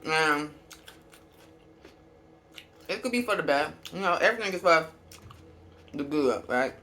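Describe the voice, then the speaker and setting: A woman talking slowly and frankly to her camera during a casual eating video. Her pitch swings widely as she talks, and her voice has a bright, forceful edge. A faint hum of room sound sits under her words. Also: expressive. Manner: candid and chatty, with drawn-out pauses. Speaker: small business owner and vlogger. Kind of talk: casual mukbang chat to camera.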